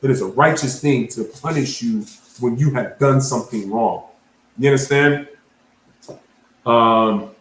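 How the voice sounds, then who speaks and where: A man's voice: medium pitch, reverberant, poor audio. A man preaching at a Bible class, reading scripture aloud and breaking it down in casual slang, often asking "you understand?". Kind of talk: street sermon, Bible class teaching.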